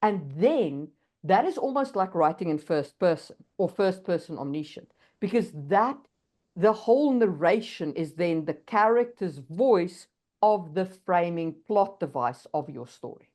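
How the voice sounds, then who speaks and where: A woman's voice: fairly low pitch, expressive, measured pace, a little mellow. A woman co-hosting a podcast, explaining writing craft in a thoughtful, casual way and often checking in with "right?". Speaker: podcast co-host.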